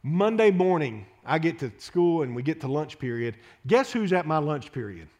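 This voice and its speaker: A man's voice: on the high side, very animated, normal speed, darkish tone. Passionate preacher man. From Louisiana, USA. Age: 30s. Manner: impassioned, pleading preaching with repeated phrases and restarts. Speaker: pastor. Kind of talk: sermon.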